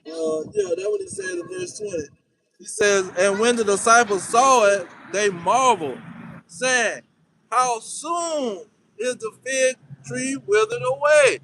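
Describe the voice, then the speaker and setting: A man preaching fiery scripture teaching, reading verses slowly and firing off repeated emphatic commands. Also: extremely high pitch, lively intonation, a bit bright, slight background noise, low-quality recording.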